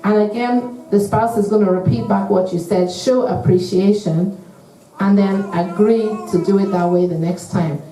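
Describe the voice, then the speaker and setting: A woman giving an earnest, measured talk to couples at a church, acting out sample phrases as she teaches. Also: medium pitch, steady tone, dark tone. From United Kingdom. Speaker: church marriage speaker. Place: church hall. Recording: echoey hall, mic at a distance.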